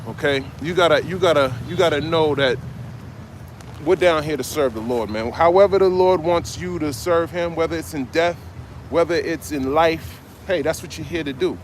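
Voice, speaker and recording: Fiery high-voiced street preacher. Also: male voice, noisy background. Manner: fiery, exhorting, ends phrases with "man". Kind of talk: open-air street sermon. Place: outdoors at an urban marketplace.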